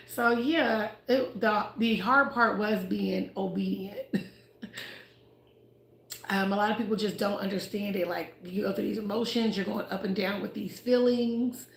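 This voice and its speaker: A chatty, expressive woman who grew up in Ohio and Houston, talking casually about faith on a livestream and laughing often. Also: mid-range voice, measured pace, vocal fry, a little hiss or hum. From United States (Ohio, raised in Houston). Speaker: livestream host. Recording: roomy echo.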